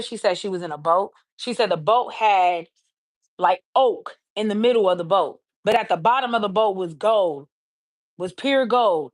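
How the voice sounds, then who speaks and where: Woman, livestream host, earnest retelling, repeats "she said", mid-pitched voice, dry close sound. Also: no echo. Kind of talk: casual storytelling on a livestream.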